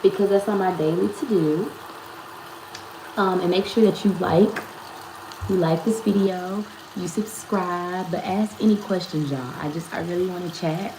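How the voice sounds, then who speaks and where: Lady in her 30s doing a casual live chat at home, lowish voice, echoey room. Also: a little slow, noisy background. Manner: chatty, greeting viewers by name and laughing often. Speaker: lifestyle vlogger and host. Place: at home, indoors. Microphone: phone on a tripod. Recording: roomy echo with faint ambience.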